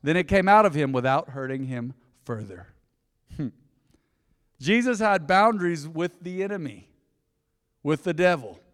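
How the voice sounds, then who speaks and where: A man's voice: a little high, expressive, measured pace, long pauses, fairly bright tone. A male pastor preaching a sermon in a conversational way, often asking the congregation questions. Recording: long reverb of a large hall.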